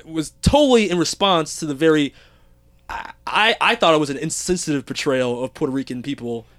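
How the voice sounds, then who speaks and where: A man's voice: fairly high pitch, brisk, a bit bright, no echo, clean studio sound. A man hosting a podcast, chatting casually, reading listener reviews aloud and laughing often. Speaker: podcast host.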